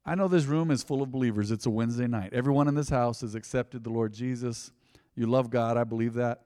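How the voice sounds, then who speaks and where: A man's voice: mid-range voice, steady tone, quick pace, dark tone, big-room sound. A man preaching a sermon, telling stories in a conversational way and calling out to the congregation. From United States. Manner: conversational, storytelling, engaging the crowd. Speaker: pastor. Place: church hall.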